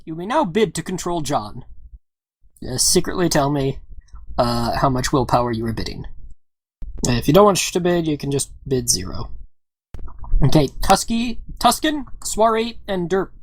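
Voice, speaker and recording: A woman's voice: sits low, lively intonation, normal speed, pauses often, a little hiss or hum. A woman narrating as game master of a tabletop game, improvising with laughs and fillers. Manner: laughs often, hesitant fillers while improvising.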